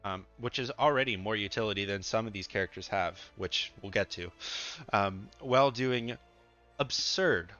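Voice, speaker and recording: A man's voice: fairly low pitch, fairly quick, hardly any pauses, pushed and bright, muffled recording, soft background music. A man giving chatty, loose gaming commentary, thinking aloud with fillers and restarts, and sounding a bit sleepy. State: sleepy, yawning. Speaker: gaming content creator. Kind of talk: casual tier-list commentary.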